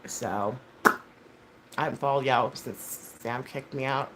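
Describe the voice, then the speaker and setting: A woman in her thirties speaks in a rumbling low voice, unhurried and leaving long pauses. Hosting a live stream, she chats with her viewers casually and bluntly, swearing a lot, rambling, and peppering her speech with fillers and corrections.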